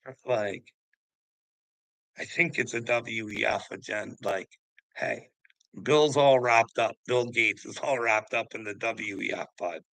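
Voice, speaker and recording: A man's voice: lowish voice, unhurried, creaky, a bit bright, no room sound, poor audio. Profane rambling man. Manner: profane, rambling, laughs often. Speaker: host. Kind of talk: casual ranting talk.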